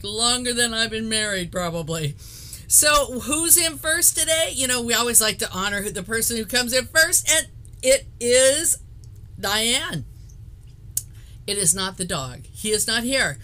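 Chatty woman doing a live craft stream, bright sharp voice, laughs a lot, kinda high. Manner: chatty, laughs often, rambling restarts. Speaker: host of a live card-making stream. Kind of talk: casual live-stream chat.

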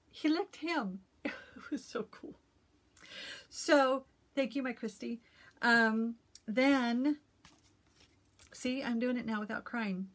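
Middle-aged woman, effusive casual chat, fairly high voice, lots of fillers, home vlog. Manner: chatty and effusive, with many fillers. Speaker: cross-stitch vlogger. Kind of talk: casual show-and-tell chat. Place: at home, in a messy room. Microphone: camera she turns around while talking.

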